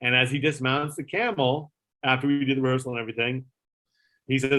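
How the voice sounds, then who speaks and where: A man with a brisk, medium-pitched voice, formerly a talk show producer, rambles through a long backstage anecdote. He retells it in a casual, animated style, with plenty of fillers and a bit of swearing.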